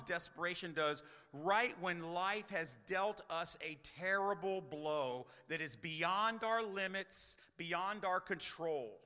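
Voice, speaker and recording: A man's voice: high-pitched, bright, forceful tone, in a large hall. A man preaching a sermon as pastor, earnest, often asking rhetorical questions.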